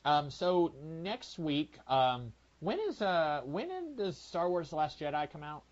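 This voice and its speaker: A man co-hosting a podcast in casual movie review chat, telling things in a rambling, halting way full of fillers and restarts. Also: a little high, very animated. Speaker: podcast co-host. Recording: lo-fi, dull sound.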